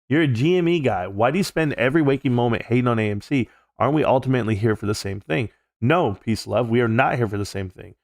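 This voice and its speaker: A man's voice: medium pitch, no echo, clean studio sound. A man hosting a live stream, casually chatting and reading viewer comments aloud in loose, profane slang.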